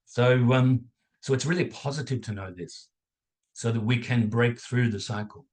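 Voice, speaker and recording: A man leading a guided contemplation lesson as a dharma teacher over a video call, calm and measured, pausing between phrases and checking in with "okay?". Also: mid-range voice. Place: home setup on a video call. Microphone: video call mic.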